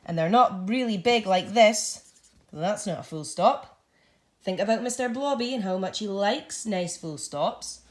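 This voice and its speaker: A woman's voice: mid-range voice, darkish tone. A young woman, a primary teacher, patiently explaining grammar to young children at a whiteboard. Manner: clear, patient, encouraging classroom explaining. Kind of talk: home learning grammar lesson for young children.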